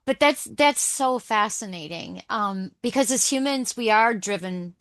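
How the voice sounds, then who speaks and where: A woman's voice: mid-range voice, animated, unhurried, fairly bright tone, dry recording. A woman co-hosting a podcast, musing casually and reflectively. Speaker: podcast co-host. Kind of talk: casual conversational interview.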